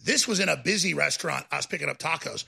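A man hosting a talk show, delivering a combative political rant that builds into shouting. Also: on the high side, expressive, fast, creaky, slightly rough.

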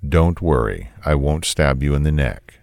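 A man's voice: a bass voice, moderate pace, dry recording, studio quality. A man reading as a cold, menacing controlling man. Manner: flat, cold, commanding.

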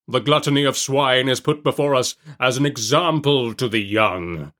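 A solemn old church clerk moralizes with grand, theatrical declamation. A male reader plays him close to his own voice. His voice is steady and heavy with self-importance. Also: mid-range voice, moderate pace, lightly acted.

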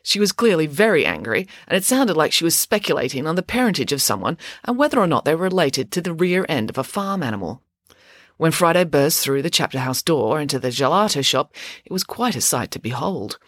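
A woman narrating a storybook in a lively, expressive reading voice. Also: low voice, a little fast, no echo, clean studio sound. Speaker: audiobook narrator.

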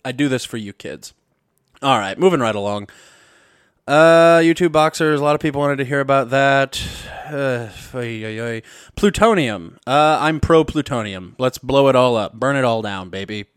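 A man's voice: mid-range voice, moderate pace, clean tone, no room sound, clean studio sound. A young man from Missouri hosting a podcast, ranting in a casual, profane, rambling way that keeps cutting itself off with jokes. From Missouri, USA. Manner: profane, rambling, self-interrupting, jokey. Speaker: podcast host. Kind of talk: casual comedic rant. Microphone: podcast mic.

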